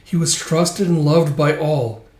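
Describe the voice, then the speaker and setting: A man voicing a sad, sheltered young princess in a soft, earnest way, in an echoey room. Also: on the high side, slow. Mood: sorrowful.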